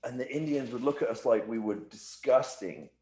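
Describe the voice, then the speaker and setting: A man's voice: mid-range voice, normal speed, dark tone, roomy sound. A man being interviewed as a guest, telling loose, rambling stories full of "like" and "you know.". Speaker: professional wrestler, interview guest. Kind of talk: casual shoot interview storytelling.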